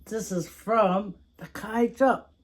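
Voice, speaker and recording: A woman's voice: medium pitch, slow, slight background noise. A woman with a Samoan English accent chatting in a casual storytime vlog while eating, talkative, laughing often and repeating herself. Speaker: vlogger.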